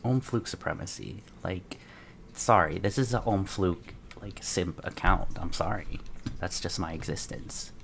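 A man reacting to a trailer as an excited fan, muttering asides and breaking into dramatic outbursts. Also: deep voice, a little slow, gravelly, a little hiss or hum. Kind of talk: casual reaction commentary.

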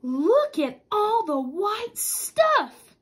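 A woman voicing an excited little boy civet in a storybook, with an eager, exclaiming manner. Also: extremely high pitch, measured pace. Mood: amazed.

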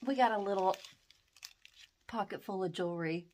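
A woman's voice: mid-range voice, normal speed, darkish tone, a little hiss or hum. A middle-aged woman opening fan mail, gushing and exclaiming over each gift. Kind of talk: excited unboxing chat.

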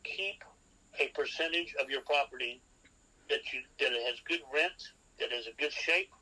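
A man's voice: mid-range voice, moderate pace, pushed and bright, breathy edge, low-quality recording. A man, a real estate expert guest on a podcast, giving seminar-style advice as numbered rules and often checking in with "okay?".

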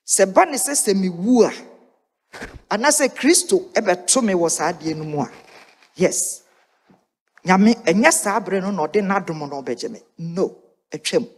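A woman's voice: medium pitch, lively intonation, a little slow, pauses often. A woman from Ghana speaking on a church Bible lesson panel, earnest and repeating phrases for emphasis. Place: church sanctuary during a livestreamed service. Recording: echoey church hall.

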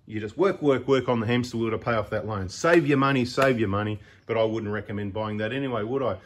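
A middle-aged Australian man with a fairly low voice hosts a 4x4 channel, talking fast with a bit of hiss or hum in the background. His casual talking-head advice is chatty, opinionated, and full of rambling asides.

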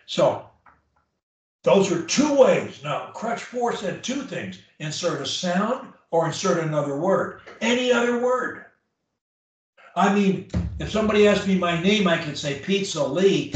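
Here a high-voiced man with an expressive, measured delivery works through speech drills with a single client, forcefully modeling each exercise out loud. The microphone sits far away in a heavily reverberant room.

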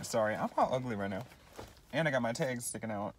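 A man's voice: medium pitch, expressive, a little fast, background noise. A young man chatting casually to his phone camera in a vlog, rambling and self-deprecating, apologizing often between tangents. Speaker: vlogger.

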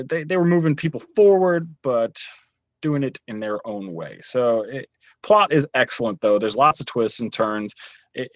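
Man, casual podcast reviewer, rambly with many fillers, animated pitch, dry close sound. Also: dry recording, dull audio. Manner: rambling, lots of fillers and restarts. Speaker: podcast co-host reviewing a show.

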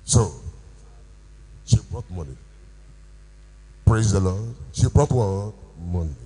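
A male pastor preaching a sermon with call-and-response questions, rising to shouts. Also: low voice, expressive, slow pace, slightly rough, low-quality recording. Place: church.

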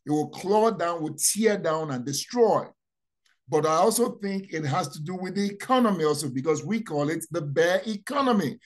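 A man preaching a sermon, repeating key phrases and asking rhetorical questions, dropping to quiet asides then rising to loud proclamations. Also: lively intonation, normal speed. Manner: dramatic, swings from low asides to loud proclamations.

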